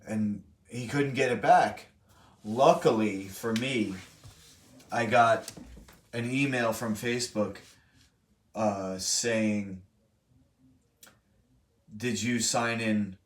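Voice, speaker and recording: Low-voiced young man, rambling and roomy. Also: takes it slowly, pauses often. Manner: rambling, profane, self-correcting. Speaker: streamer host. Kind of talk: casual storytelling to a live chat. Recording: roomy, from a distant mic.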